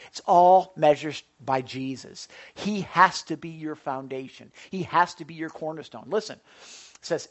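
A man preaching a sermon as pastor, animated, with big swings from soft to loud and repeating words as he starts sentences. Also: fairly high pitch, gravelly.

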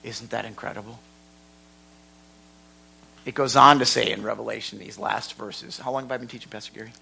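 A man teaching a sermon in a church hall, emphatic and given to repeating words, swinging from quiet to loud. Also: medium pitch, steady tone, a little fast, gravelly, husky. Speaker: Bible teacher.

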